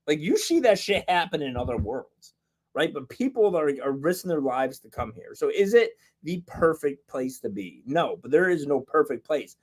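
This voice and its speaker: A man's voice: on the high side, very animated, moderate pace, husky. A man co-hosting a podcast, talking in a heated, rambling way with lots of filler words and swearing. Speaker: podcast co-host. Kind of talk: casual chat.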